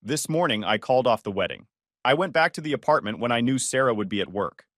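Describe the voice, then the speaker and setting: A man narrates a dramatic first-person story in a measured, firm manner. His mid-pitched voice moves a lot in pitch, and it is recorded close and dry with no room sound. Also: lively intonation, a bit bright, no room sound.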